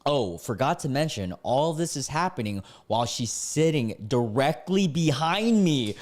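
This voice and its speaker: A man's voice: medium pitch, unhurried. A young man streaming live, reading stories aloud and reacting with frequent exclamations and laughter. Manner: excitable, laughs and exclaims often.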